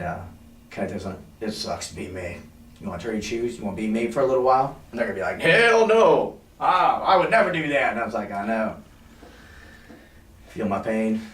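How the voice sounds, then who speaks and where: A man giving a sales training talk who acts out phone calls with clients in an animated way. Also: mid-range voice, a little hiss or hum. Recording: roomy, from a distance, faint ambience.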